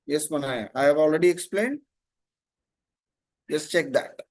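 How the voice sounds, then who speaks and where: A man teaching an online grammar class, explaining slowly, repeating terms and often checking "Okay?". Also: a little high, darkish tone.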